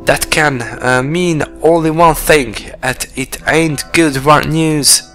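A man reading the lines of an excitable male fairy companion in a chatty, dramatic way. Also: fairly high pitch, takes it slowly, soft background music, heavily acted. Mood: worried.

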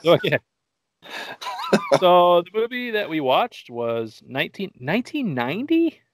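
A man's voice: sits high, sing-song, measured pace, dry recording. A man hosting a casual movie-review podcast, rambling through the plot with jokes and swearing. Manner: joking, profane, rambling. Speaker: podcast host.

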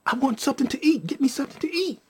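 A man's voice: extremely high pitch, lively intonation, racing, voice pushed up. A man voicing a frazzled, needy pregnant woman in a raised, lighter voice while telling a story. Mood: demanding.

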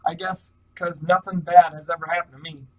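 A man reading as a calm, easygoing teenage boy. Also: on the high side, fairly quick, close to an everyday voice, rough recording. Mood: easy.

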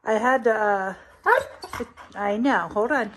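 A woman chatting to her dog in a pet vlog, cooing in a high sing-song voice and laughing often. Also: takes it slowly, slight background noise.

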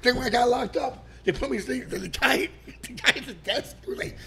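A man, a podcast guest telling stories in casual chat, animated and profane and laughing often. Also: very high-pitched, normal speed, vocal fry, breathy edge.

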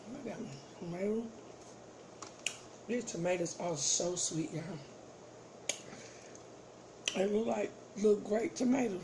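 A mukbang vlogger eats on camera and chats casually with her viewers, playful and savoring each bite. Her medium-pitched voice is a little slow with frequent pauses, and there is background noise.

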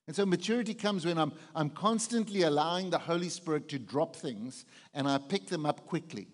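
A man's voice: fairly high pitch, animated, fairly quick, hardly any pauses, big-room sound. A man preaching a conversational sermon as pastor, often putting questions to the congregation. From South Africa.

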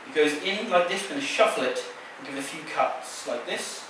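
A stage magician works through a card trick in a large theater, playfully teasing his volunteer as he talks. His voice is a little high, expressive, and fairly quick, heard over a noisy background in an echoey, distant recording.

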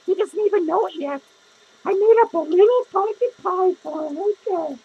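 Comic character: a man plays a boozy, cranky clown woman with a shrill, high voice, cursing through every line. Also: moderate pace, narrow, tinny audio. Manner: cursing constantly, rambling, grumbling. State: drunk. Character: foul-mouthed drunk lonely female clown. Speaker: podcast host character. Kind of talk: improvised comedy monologue.

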